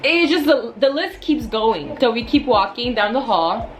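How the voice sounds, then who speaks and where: A woman in her twenties telling a storytime vlog in a blunt, casual, venting way, with animated asides. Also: fairly high pitch, measured pace, slight background noise, rough recording. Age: 20s. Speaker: vlogger.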